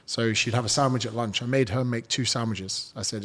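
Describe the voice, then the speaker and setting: A man's voice: medium pitch, normal speed, hardly any pauses, a bit bright. A man, a fitness coach talking bluntly and swearing freely in a casual podcast chat.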